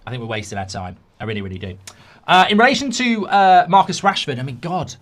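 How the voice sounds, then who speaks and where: A man's voice: a little high, sing-song, fast, a bit bright. A man, a football fan commentator ranting with sarcastic rhetorical questions.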